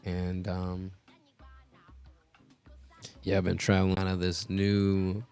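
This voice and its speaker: A man's voice: low voice, monotone, slow, darkish tone, clear, resonant tone, faint music behind. A man hosting a casual live stream, rambling with many filler words as he talks into a podcast mixer setup. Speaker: host.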